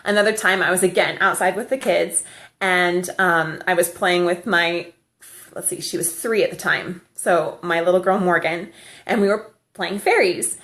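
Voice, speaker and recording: A woman's voice: on the low side, fairly even intonation, normal speed, a bit bright. Woman vlogger, casual storyteller, laughs easily, handheld camera. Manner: chatty, laughs often.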